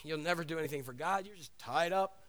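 A middle-aged pastor preaches with a high, bright voice. He tells stories in an animated way and drops casual asides to the congregation. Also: fast. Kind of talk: sermon.

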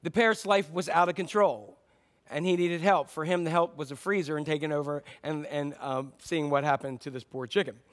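Conversational preacher man, fairly high voice. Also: a little fast. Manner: storytelling, conversational, with fillers and restarts. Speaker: pastor. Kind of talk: sermon.

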